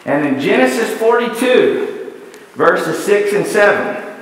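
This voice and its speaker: Male preacher, high voice, heard from a distance in a church hall with long reverb; repeats rhetorical questions. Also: very animated, takes it slowly, fairly bright tone. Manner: repetitive rhetorical questions, building lists. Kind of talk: sermon. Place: church sanctuary.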